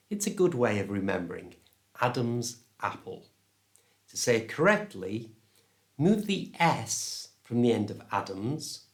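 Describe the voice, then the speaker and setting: A man with a British English accent teaching pronunciation, speaking slowly and clearly so learners can repeat the words after him. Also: medium pitch. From England. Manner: slow, clear and deliberate, modelling words for repetition. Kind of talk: pronunciation lesson to camera.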